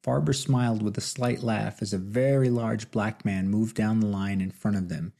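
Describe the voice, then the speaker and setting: A man narrating an audiobook novel with steady, measured storytelling. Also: lowish voice, creaky. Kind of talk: scripted narration.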